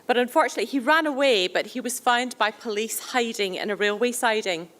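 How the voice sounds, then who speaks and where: Female event host, chatty introduction of a guest; slightly high voice. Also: a little fast, a bit bright. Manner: chatty, with fillers and restarts. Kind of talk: speaker introduction.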